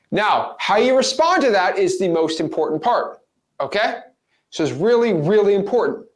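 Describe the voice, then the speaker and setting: A man coaching viewers on real estate wholesaling in an energetic, playful, casual teaching monologue. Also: high voice, normal speed.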